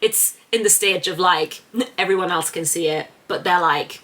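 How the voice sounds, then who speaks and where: A woman chatting casually in a reading vlog, gushing with animated reactions. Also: fairly low pitch, moderate pace. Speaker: book vlogger.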